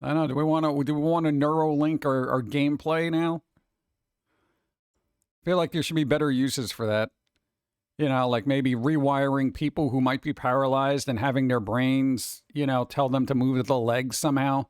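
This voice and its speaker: A man's voice: medium pitch, steady tone, normal speed, clear, resonant tone, no room sound. Casual streamer guy reading chat, rants with rhetorical questions, dead-dry room. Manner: chatty, ranting, rhetorical questions.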